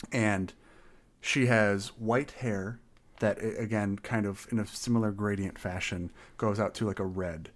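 A man playing a tabletop game, describing his character in a rambling, hesitant way. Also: lowish voice. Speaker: player.

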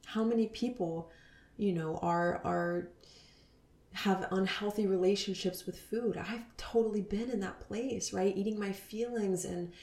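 A woman in her thirties hosting a spiritual podcast, talking earnestly and dropping into soft whispers. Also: medium pitch, steady tone, unhurried, roomy sound. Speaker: podcast host.

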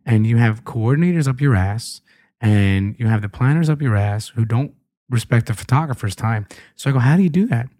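Profane animated male podcast host. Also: mid-range voice, moderate pace, no room sound, clean studio sound. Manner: animated storyteller, acts out quoted voices. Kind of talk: casual profane interview chat. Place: trade show venue.

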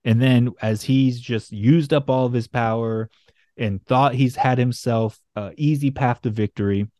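A man hosting a podcast, retelling a comic story in a loose, rambling way full of swearing and jokes. His voice sits at a middling pitch. The sound is dry and close, with no room around it. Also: steady tone, unhurried, a little mellow, no room sound. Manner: rambling, profane, jokey storytelling. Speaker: podcast host. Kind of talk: casual comic book recap.

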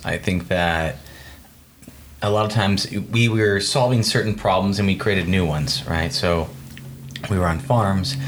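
A man's voice: low-pitched, slight background noise. A man interviewing a guest in a casual conversation, speaking earnestly and with emphasis.

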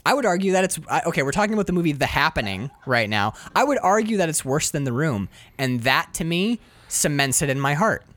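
Animated, enthusiastic podcast man. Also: on the high side, quick pace, few pauses, no room sound. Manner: animated, profane, enthusiastic, rambling with restarts. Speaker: podcast co-host. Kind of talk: casual movie-review chat.

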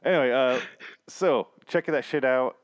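A man co-hosting a podcast, riffing in crude, sarcastic banter with his friend. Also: medium pitch. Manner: sarcastic, riffing, quick to mock. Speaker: podcast co-host.

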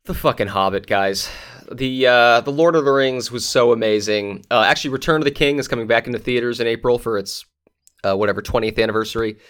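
A man in a relaxed podcast conversation, blunt and profane, laughing between his complaints. He speaks at an everyday middle pitch. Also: a little fast, clean tone. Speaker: podcast co-host. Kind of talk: casual chat.

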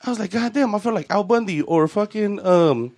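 A man's voice: sits high, expressive, a little fast, a little mellow, no echo, clean studio sound. A man, doing a profane stand-up set full of street slang. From Los Angeles. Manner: profane, storytelling, Chicano slang. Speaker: stand-up comedian.

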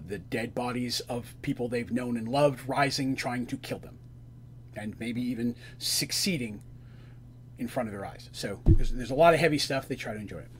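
A man's voice: mid-range voice, husky. A man narrating a tabletop game as game master, in a loose, conversational retelling.

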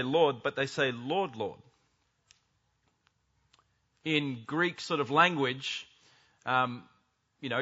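Pastor, male, bright higher voice, animated sermon delivery, slightly dull lo-fi recording. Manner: animated, acts out quoted speech.

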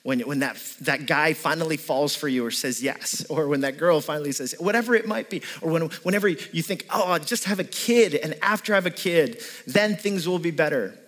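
A man's voice: on the high side, a little fast, hardly any pauses, fairly bright tone. A man preaching a sermon as a pastor, in a loose conversational way full of "like" and "right?". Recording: long reverb of a hall.

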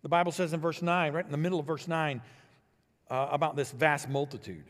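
A man preaching a sermon as pastor, building to emphatic swells and then dropping low and quiet. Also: fairly quick, in a large hall.

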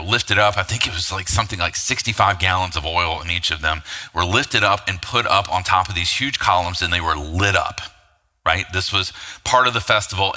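A man with a lowish voice preaching a sermon with a hard, forceful edge. He talks casually, tossing in rhetorical asides and fillers as he goes. His voice rings with a long hall reverb. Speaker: pastor.

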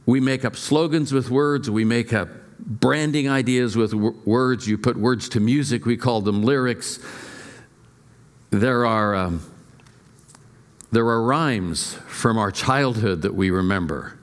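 A man's voice: medium pitch, expressive, moderate pace. A middle-aged male pastor preaching a sermon, telling stories with playful asides and shifting emphasis.

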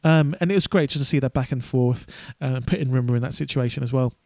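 A man's voice: medium pitch, quick pace, darkish tone, no echo. A man co-hosting a casual podcast, rambling with many fillers and restarts. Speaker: podcast co-host.

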